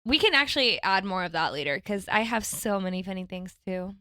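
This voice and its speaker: A young woman co-hosting a podcast in casual chat, animated and prone to quick rushed asides. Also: mid-range voice, no room sound. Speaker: podcast co-host.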